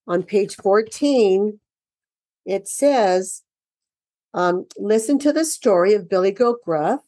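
A woman's voice: medium pitch, darkish tone, no echo. A woman in her fifties, a parent, walks through a children's reading workbook in an enthusiastic, encouraging lesson. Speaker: parent teaching early reading.

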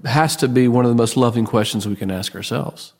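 A man's voice: medium pitch, fast talker, a little mellow. A man in a casual faith conversation, explaining ideas in a reflective, thoughtful way.

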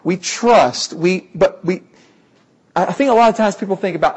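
A man's voice: high-pitched, animated, normal speed, a little mellow, slightly rough. A man preaching a sermon, earnest and emphatic, often repeating key phrases for weight.

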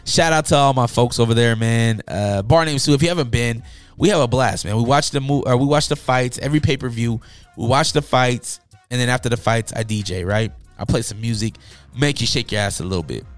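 A man talks casually into a close, dry microphone, hosting his own podcast. He rambles with plenty of fillers and restarts, then leans into encouraging advice. His pitch sits in a middling range for a man. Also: a little fast, clean tone, no echo, faint music behind. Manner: loose, hesitant with fillers, motivational. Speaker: podcast host and DJ.

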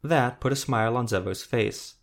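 A man reading a fantasy story aloud as narrator, in a steady, even manner. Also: medium pitch, normal speed, gravelly. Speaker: audiobook narrator. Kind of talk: scripted narration.

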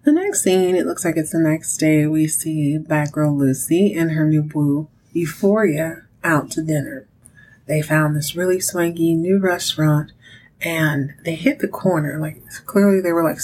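A woman with a slightly low voice recaps a soap episode in casual chat. She tells it with sass and animation and keeps turning to address her listeners directly. A faint rumble sits under her voice. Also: normal speed, rough recording. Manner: sassy, animated storytelling with direct asides to listeners. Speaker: podcast host.

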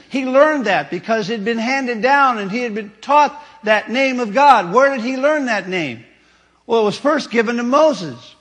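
A male pastor delivering a sermon, explaining scripture with animated, teaching emphasis and spoken demonstrations. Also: high-pitched, in a large hall. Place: church sanctuary.

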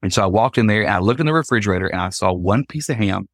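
A man's voice: fairly low pitch, rapid-fire, dry recording, studio quality. A man, a guest on a podcast, telling a personal story and acting out the people in it. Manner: animated, acts out quotes in the story. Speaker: podcast guest, Christian singer.

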